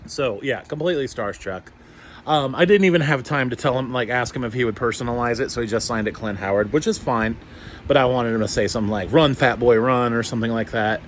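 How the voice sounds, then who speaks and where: Dude rambling to the camera, excited, mid-pitched voice, tons of "um" and "like", cusses a bunch. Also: male voice, fast talker, slight background noise. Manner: rambling and excitable, heavy on fillers and swearing. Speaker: YouTuber. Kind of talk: casual vlog chat.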